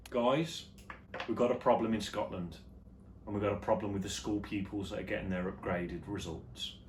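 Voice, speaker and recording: A man hosting his own vlog show, chatting casually and jokily about the news, his voice jumping between loud and quiet. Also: fairly low pitch, fairly even intonation, moderate pace, a little hiss or hum. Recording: echoey room with faint ambience.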